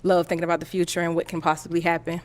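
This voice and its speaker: A young woman with a Southern US accent speaks in a somewhat low voice. She answers questions in a thoughtful, earnest way. Her delivery is calm and even. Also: very fast. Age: 20s. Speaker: dating show contestant.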